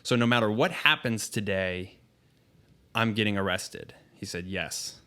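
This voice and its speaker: A man with a fairly low voice tells a story in casual conversation. He is blunt and swears freely, and he often pauses with ums as he works through the telling. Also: animated, bright, forceful tone. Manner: candid and profane, halting with frequent ums. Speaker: podcast guest.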